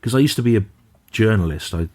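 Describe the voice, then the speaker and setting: A middle-aged man, speaking in a fairly low voice. He tells stories in a wry, dry way, breaking off into frequent asides as a comedian guest in conversation. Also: animated, fast, darkish tone. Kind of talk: storytelling in casual conversation.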